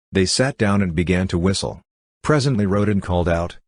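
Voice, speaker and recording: A man narrating a classic novel as an audiobook in a steady, even reading. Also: deep voice, a little fast, no room sound, studio quality. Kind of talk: scripted narration.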